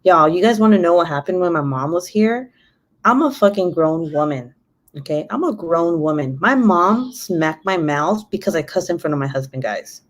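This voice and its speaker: A woman's voice: lowish voice, lively intonation, moderate pace. Swearing, chatty woman in her twenties. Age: 20s. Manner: chatty, cusses a lot, laughs often. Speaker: YouTuber. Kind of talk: casual live chat.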